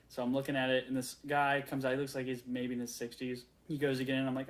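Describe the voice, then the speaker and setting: Rambling, excitable young man vlogging. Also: medium pitch, a little fast. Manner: rambling, excitable, many fillers and restarts. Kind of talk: casual storytelling rant.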